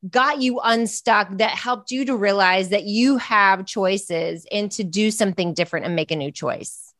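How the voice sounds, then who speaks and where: A woman's voice: medium pitch, moderate pace, a bit bright, no room sound, studio quality. A woman hosting an interview, asking long, curious, affirming questions. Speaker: interview host.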